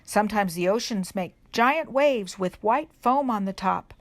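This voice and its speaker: A woman reading a children's picture book aloud at a church service for kids, gentle and unhurried, pausing to put questions to the children. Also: mid-range voice, animated. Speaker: reader at a children's worship service.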